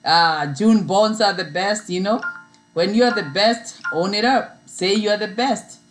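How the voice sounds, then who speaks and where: A woman's voice: medium pitch, unhurried, faint music behind, low-quality recording. A woman hosting a casual livestream, chatting with viewers and often repeating herself. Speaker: livestream host. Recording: mains hum in background.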